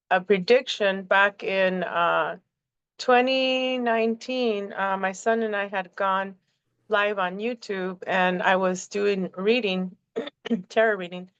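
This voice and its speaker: A woman in rambling casual chat on a video call, halting and full of fillers and restarts. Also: mid-range voice, smooth, no echo. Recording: dull lo-fi call audio.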